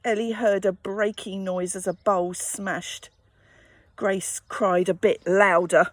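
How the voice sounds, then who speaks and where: A woman reading a children's picture book aloud, gently expressive and adding sympathetic asides. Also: mid-range voice, drawn-out words, long pauses. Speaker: storyteller.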